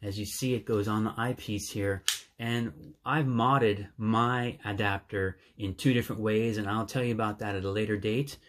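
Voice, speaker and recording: A man's voice: fairly low pitch, fairly even intonation, normal speed, fairly bright tone. A man hosting his own channel, explaining his gear in a casual, eager way with some fillers and restarts. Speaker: channel host.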